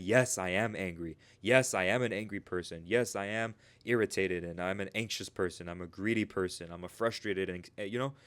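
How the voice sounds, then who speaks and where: Man, fairly low voice, preachy trading coach who keeps asking "right?". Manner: repeats "right?" and "you guys" constantly, rhetorical questions. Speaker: trading educator. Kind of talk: motivational teaching monologue.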